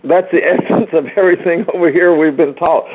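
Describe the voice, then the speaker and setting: A man's voice: fairly high pitch, steady tone, fairly quick, husky. Sixties man, earnest teacher on a group call, emphatic repeater, heard through a thin phone line. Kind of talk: informal teaching talk.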